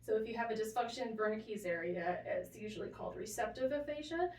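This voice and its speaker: Podcast co-host, woman, high voice, deadpan sarcasm, roomy distant mic. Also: fast talker. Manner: dry sarcastic joking. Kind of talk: casual chat.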